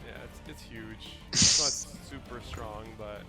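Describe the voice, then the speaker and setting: A man's voice: on the low side, measured pace, over music. A man playing a tabletop game with friends, chatting casually and playfully, often laughing and stumbling over his words. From Canada or Australia. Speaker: player.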